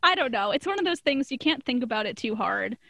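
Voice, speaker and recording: A woman's voice: a little high, sing-song, quick pace, vocal fry, bright, forceful tone, no room sound. A woman casually recapping a cartoon episode, chatty and often laughing mid-sentence. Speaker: podcast co-host.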